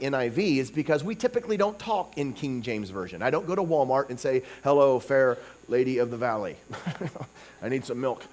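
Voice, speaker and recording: A man preaching at a revival in a fairly high, very lively voice that rises and falls a lot. He talks casually to the congregation and keeps asking "okay?", dropping to soft asides and then breaking into loud emphatic bursts. A faint mains hum sits under the recording. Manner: conversational, peppered with "okay?" and "you know". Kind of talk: sermon.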